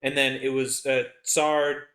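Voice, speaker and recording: A man's voice: mid-range voice, little pitch movement, measured pace, a bit bright. A young man co-hosting a casual podcast, joking around, firing off questions and correcting his co-host. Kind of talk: casual chat.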